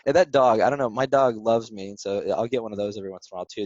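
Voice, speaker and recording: A man hosting a casual interview over the phone, chatty and quick to laugh as he shares stories. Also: fairly low pitch, no room sound. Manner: chatty, laughs often, lively anecdotes. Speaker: interview host. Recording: dry, dull phone-call audio.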